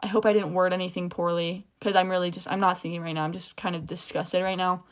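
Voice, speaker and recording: A woman's voice: lowish voice, flat delivery, fast. A young woman in a casual vlog rant, heated and swearing, rambling with false starts and restarts.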